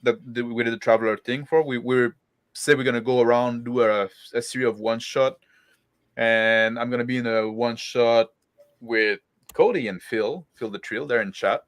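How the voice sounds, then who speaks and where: A man hosting a casual group chat, rambling with many pauses about his gaming year. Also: medium pitch, steady tone, no echo. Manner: rambling, hesitant with fillers.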